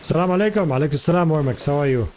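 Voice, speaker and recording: A man's voice: a little high, animated, very fast, darkish tone, a little hiss or hum. A man streaming live, chatting casually and rambling through many fillers while answering his chat.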